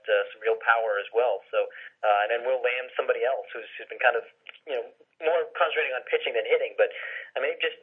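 Man, rapid talker, husky voice, tinny phone line, sports chat. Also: mid-range voice. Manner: rapid, many fillers and restarts. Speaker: podcast co-host, college baseball analyst. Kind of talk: casual sports talk.

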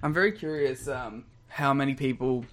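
A man, co-hosting a podcast in casual chat, lively and quick to laugh as he rambles through stories. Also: medium pitch. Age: 20s. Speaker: podcast co-host.

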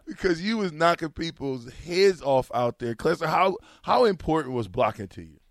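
A man co-hosting a casual chat, teasing his guest and asking him questions in quick interjections. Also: fairly high pitch, lively intonation, no echo, studio quality. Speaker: podcast co-host.

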